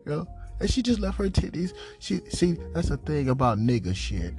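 A man's voice: a little high, big pitch swings, moderate pace, darkish tone, faint music behind. A man hosting a podcast, telling a loose, rambling story full of slang fillers and asides to listeners. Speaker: podcast host. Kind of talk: casual profane storytelling.

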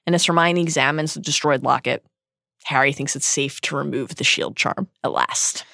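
A woman co-hosting a podcast, recapping a chapter as a lively storyteller. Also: very deep voice, normal speed, creaky, no echo, studio quality. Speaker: podcast co-host. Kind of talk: casual chat and recap.

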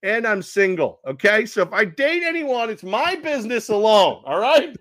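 A man doing a mocking impression of a boastful, crude male coach at a press conference, speaking in a raised, loud voice. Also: high-pitched, big pitch swings, moderate pace, no echo, clean studio sound, voice pushed up.

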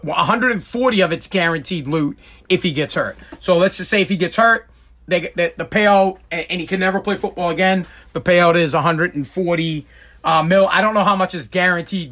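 A man with a high, bright voice riffs on whatever comes to mind. His delivery is blunt and chatty, with quick jokes and asides. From Boston, New England. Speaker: vlogger. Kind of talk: casual rambling monologue.

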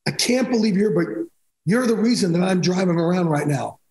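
A man's voice: high voice, lively intonation, brisk, darkish tone, reverberant, poor audio. A man telling personal stories as a podcast guest, emphatic and rambling, restarting sentences often. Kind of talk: candid storytelling in a podcast interview.

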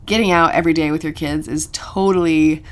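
A woman co-hosting a parenting podcast, talking in a chatty, animated way with frequent laughs and fillers. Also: deep voice, a little fast. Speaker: podcast co-host and mother. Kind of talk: casual chat.

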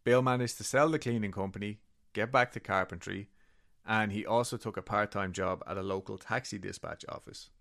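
A man's voice: fairly low pitch, a little fast, gravelly, a bit bright. A man co-hosting a podcast, casually retelling a story and reading quotes from a book, with swearing and laughing asides. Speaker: podcast co-host.

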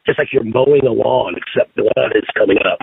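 A man on a podcast telling stories in a casual, profane, animated way. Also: medium pitch, brisk, vocal fry, noisy background. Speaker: podcast guest. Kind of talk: casual storytelling chat. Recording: tinny phone-line sound.

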